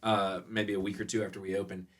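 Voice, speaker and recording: A man who owns a restaurant, telling stories as a guest in a casual podcast interview. He talks a lot, in a lively way, and laughs often. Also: low voice, fast. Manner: animated, laughing, self-described talker.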